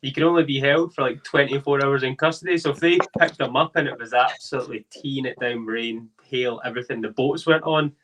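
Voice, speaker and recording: A man's voice: medium pitch, brisk, few pauses. Jokey man spinning a yarn. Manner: animated, jokey storyteller who laughs mid-sentence. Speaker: whisky panel guest. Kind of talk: casual chat on a live stream. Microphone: video call.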